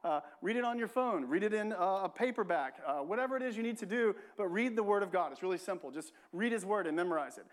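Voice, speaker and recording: A male pastor delivers a sermon in a church. His voice sits high for a man, and he keeps it loose and conversational, repeating key phrases and tossing in "right?" to check on his listeners. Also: animated, fast, few pauses. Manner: conversational, repeats himself, frequent "right?" asides.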